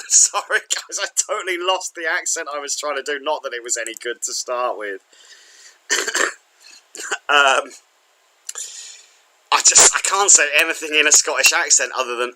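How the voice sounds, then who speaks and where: A man's voice: fairly high pitch, normal speed, pauses often, pushed and bright, slight background noise, rough recording. A man chatting casually to viewers at the end of a livestream, rambling and self-deprecating. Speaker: streamer.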